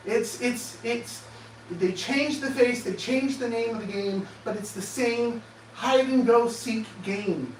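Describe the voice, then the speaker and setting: A man giving an animated motivational talk, firing off sarcastic rhetorical questions in a presentation room. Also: very high voice, slow pace, a little hiss or hum. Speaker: speaker. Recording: echoey room, distant mic, faint ambience.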